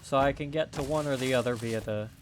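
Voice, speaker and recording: A man's voice: medium pitch, quick pace, background noise. A man hosting a let's play, reading notes aloud with dry, musing asides. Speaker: gaming channel host.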